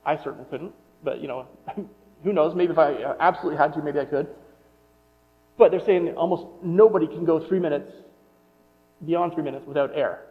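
A man's voice: fairly high pitch, fairly quick, long pauses. A middle-aged man giving a sermon in a conversational way, often restarting and wondering aloud. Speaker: pastor. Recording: muffled sound with long hall reverb.

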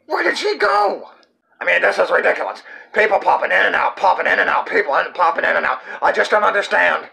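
A man's voice: high voice, lively intonation, fast talker, pushed and bright, heavily acted. A man voicing a flustered stuffed-monkey puppet host, stammering through exasperated rants. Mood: bewildered. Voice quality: gravelly and husky. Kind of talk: puppet comedy sketch.

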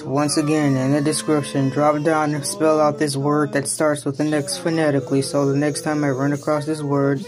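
A woman with a low voice reads an ingredient list slowly and deadpan, speaking every comma and period. Music plays steadily behind her. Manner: deadpan, reads punctuation aloud. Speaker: vlogger. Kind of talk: comic reading of a label.

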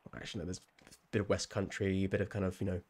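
Man, southern English accent, low-pitched, rambling live-stream chat, giggly. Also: little pitch movement, very fast, darkish tone. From southern England. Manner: rambling, laughs often, chats with viewers. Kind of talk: casual live-stream chat while playing.

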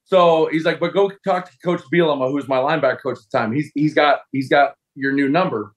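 A man in his forties talks as a guest on a talk show, telling a long anecdote. His voice sits a little high for a man, and he acts out other people's lines with lively jumps in pitch. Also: a little fast. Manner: animated storyteller, acts out voices of coaches. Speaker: guest, former football tight end. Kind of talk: casual storytelling interview.

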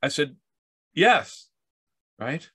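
Canadian male speaker, bright voice, casual rambling storyteller, dry close sound. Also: fairly high pitch, big pitch swings, very slow, husky, dry recording. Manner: rambling, with restarts and acted-out dialogue. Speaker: speaker telling stories about accessibility.

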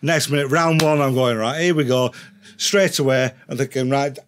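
A man's voice: mid-range voice, moderate pace, slight background noise. A man with an English accent, a podcast guest telling a rowdy story in casual chat, swearing and laughing as he goes. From England. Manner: profane, laughing, animated retelling.

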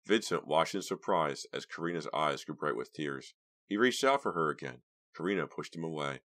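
Very deep-voiced male narrator. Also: expressive, normal speed, fairly bright tone. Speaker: audiobook narrator. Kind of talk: scripted narration.

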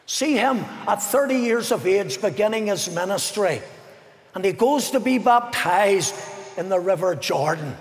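A man preaching a fervent evangelistic sermon as pastor, swinging between ringing declamation and hushed, solemn passages in a large arena. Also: high voice, expressive, unhurried. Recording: echoey arena with long reverb.

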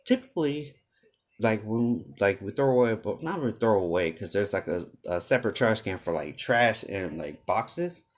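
A man's voice: on the low side, lively intonation, normal speed. A young man venting about his job in a loose, rambling storytime style. His voice rises and falls a great deal as he grows exasperated, and he trips over filler words as he goes. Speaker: vlogger. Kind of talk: casual storytime rant.

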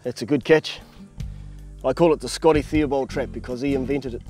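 Plain-spoken kiwi trapper outdoors. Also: male voice, medium pitch, fairly even intonation, fairly quick, darkish tone, soft background music. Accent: New Zealand. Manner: plain-spoken, practical, calls people mate. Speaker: predator trapper. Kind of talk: explaining in outdoor chat. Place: outdoors in the bush.

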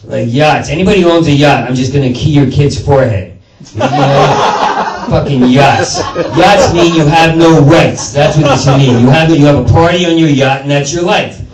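A man's voice: medium pitch, moderate pace, hardly any pauses. Rambling profane man on a comedy stage. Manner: rambling, profane, self-interrupting. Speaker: stand-up comedian. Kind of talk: stand-up comedy set. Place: small performance space before a live audience. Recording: roomy live sound from a distant mic with crowd laughter.

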